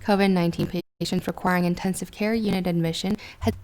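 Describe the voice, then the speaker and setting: A woman's voice: fairly low pitch, fairly even intonation, fast, darkish tone. Woman reading science news. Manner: restarts on hard words. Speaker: podcast reader of research news.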